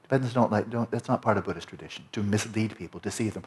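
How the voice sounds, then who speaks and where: A man with a fairly low voice gives a discursive Buddhist lecture. He talks earnestly and rambles, often restarting his sentences mid-thought. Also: fast. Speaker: Buddhist teacher and interpreter.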